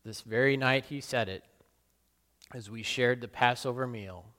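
A man playing the apostle Peter, a burly fisherman full of guilt, in a solemn, halting dramatic monologue. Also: mid-range voice, sharp tone. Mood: remorseful. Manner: solemn, halting and self-questioning. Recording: long reverb in a large hall.

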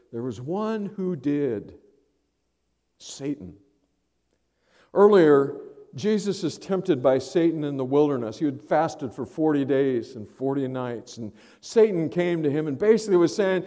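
A man's voice: on the high side, dark tone, in a large hall. A male pastor preaching a sermon in a conversational, thinking-aloud manner.

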